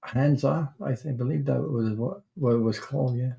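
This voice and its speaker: A man hosting a tarot livestream, chatting casually and rambling, with halting restarts while he greets viewers. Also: medium pitch, vocal fry, dark tone, highs cut off. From Canada.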